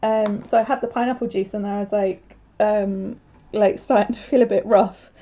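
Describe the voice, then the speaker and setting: A woman's voice: medium pitch, fairly even intonation, moderate pace, warm tone, highs cut off. A young woman chatting casually on a craft livestream, rambling with lots of filler words.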